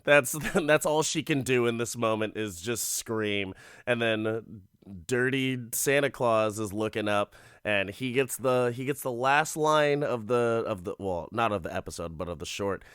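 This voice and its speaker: Male podcast host, loose and profane amused storytelling, smooth voice, dry close mic. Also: medium pitch, fairly bright tone, no room sound. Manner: rambling, profane, amused storytelling with frequent laughs. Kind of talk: casual comedic episode recap.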